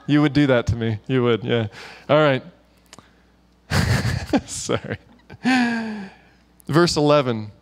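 A man's voice: mid-range voice, takes it slowly, pauses often. A man preaching at a church gathering, telling stories in a chatty, informal way with many fillers and asides. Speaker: guest preacher. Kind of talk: conversational sermon with storytelling.

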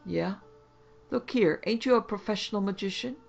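Man playing gruff suspicious constable O'Brien. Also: high voice, normal speed, muffled recording, soft background music, voice pushed up. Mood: gruff questioning. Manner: blunt, barking, rustic grammar. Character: gruff suspicious male small-town constable, about forty.

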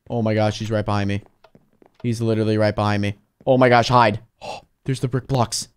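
A young man giving excitable let's-play commentary on a sneaking game, switching between hushed muttering and high panicked yelps. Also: a little fast, smooth. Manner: talks to viewers while sneaking. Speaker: gaming YouTuber.

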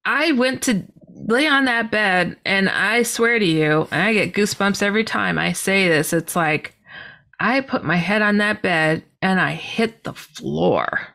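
Speaking a little slowly in a creaky voice, a middle-aged podcast guest animatedly recounts something from her life, voicing her old lines with sharp pitch leaps and bursts of laughter.

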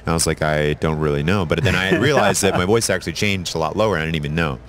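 A man answering interview questions in a relaxed, modest and friendly way. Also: deep voice, very fast. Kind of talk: casual interview chat.

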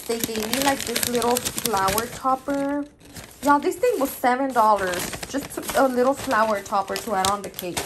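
A woman's voice: fairly high pitch, background noise. A young woman talking casually in a home vlog, chatty and emotional, often saying y'all. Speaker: vlogger.

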